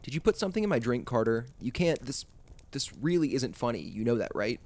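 A man's voice: medium pitch, quick pace, gravelly, darkish tone, lightly acted. A man reading the part of a teenage girl babysitter, coaxing and teasing. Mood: frantic. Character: teenage female babysitter, sly then frightened.

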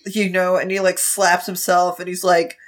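A woman co-hosting a casual book discussion, animated and swearing freely. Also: lowish voice, moderate pace. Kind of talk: casual book-club chat.

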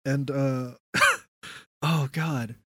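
A man's voice: medium pitch, steady tone, very slow, sharp tone, husky, no room sound, clean studio sound. A young man co-hosting a podcast in casual chat, chatty and laughing often, acting out quotes. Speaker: podcast co-host.

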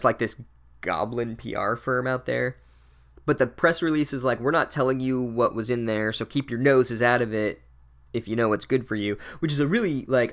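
A man's voice: mid-range voice, a bit bright. A man giving a casual, profane, sardonic recap of a book as a podcast host. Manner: sardonic, swears a lot, wry.

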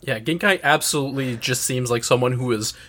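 A man with a middle-pitched voice chimes in on a podcast with short, wry remarks. He speaks in an easy, offhand way between the others. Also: fairly quick, fairly bright tone. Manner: wry side comments. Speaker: podcast co-host. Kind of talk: casual chat.

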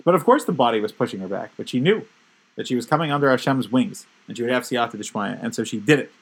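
Male religious teacher, husky tone, emphatic storyteller, mid-range pitch. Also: lively intonation, fast, poor audio. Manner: emphatic, building intensity. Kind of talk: Torah class storytelling.

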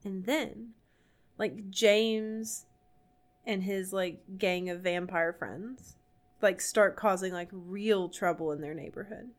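A young woman co-hosting a podcast, rambling through an animated story full of fillers in casual chat. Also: medium pitch, slow. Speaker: podcast co-host.

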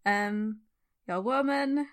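A woman's voice: fairly high pitch, drawn-out words. A woman doing an exasperated duke. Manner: exasperated, incredulous. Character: indignant male duke.

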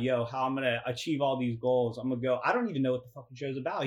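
A young man co-hosting a casual sports talk show, ranting with lots of swearing and climbing higher in pitch as he gets worked up. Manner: profane, ranting, laughs and rises in pitch when worked up. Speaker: podcast co-host.

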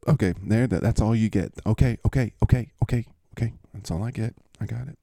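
A man with a low, gravelly, mellow voice runs through fantasy football matchups in casual, playful commentary. He jokes and rambles as he goes, and the sound is close and dry. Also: a little fast, few pauses, no room sound. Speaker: fantasy football show host.

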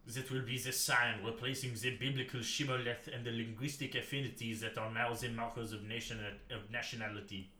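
A man voicing a pompous nineteenth-century French anthropologist reading a lecture, in a low throaty put-on voice. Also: fairly even intonation, fairly quick, few pauses, bright, forceful tone, echoey room, close to an everyday voice. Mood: grave.

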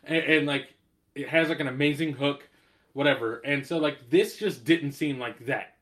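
A man's voice: fairly high pitch, normal speed, fairly bright tone. A man co-hosting a casual music chat, rambling with many fillers and some swearing. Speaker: podcast co-host.

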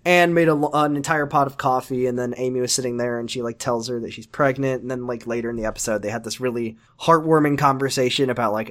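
A woman's voice: very deep voice, quick pace, few pauses. A woman co-hosting a casual podcast who rants about a show in an exasperated tone, swearing freely. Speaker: podcast co-host recapping a show. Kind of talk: casual ranting recap chat.

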